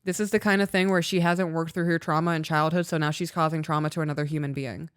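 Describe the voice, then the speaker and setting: A woman co-hosting a podcast in candid, casual chat. Her voice is smooth and clear, and she speaks frankly and emotionally, swearing freely. The sound is dry and close. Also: deep voice, fairly even intonation, fast, no echo. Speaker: podcast co-host.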